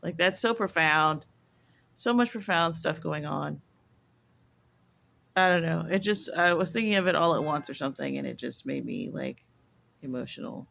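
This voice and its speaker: A woman's voice: low-pitched, normal speed, gravelly, long pauses, a bit bright, slight background noise. A woman talking to camera in a casual, rambling vlog monologue, musing aloud and filling her sentences with "like.". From United States. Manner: rambling, musing, heavy use of "like". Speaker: vlogger.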